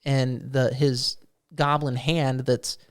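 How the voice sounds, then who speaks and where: A man co-hosting a podcast, casually telling a tabletop game story with plenty of swearing and quick acted-out character lines. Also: medium pitch, smooth. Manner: animated storyteller, swearing freely, acts out goblin quotes. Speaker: podcast co-host. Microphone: studio microphone.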